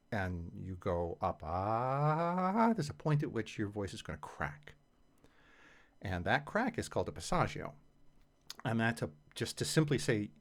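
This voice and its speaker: A man teaching singing, explaining technique in a patient, conversational way with casual fillers. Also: on the low side. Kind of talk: explanatory voice lesson.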